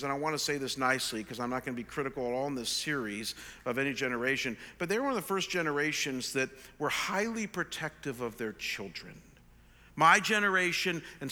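A man in his sixties, a pastor, telling an animated, self-deprecating story in a sermon. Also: on the high side. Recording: long reverb of a large hall.

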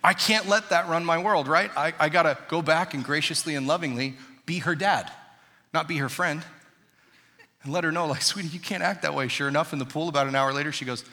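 A man's voice: a little high, fairly quick, sharp tone. A man in his thirties preaching a sermon as pastor, talking conversationally and quizzing the congregation in a large church auditorium. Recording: reverberant church hall.

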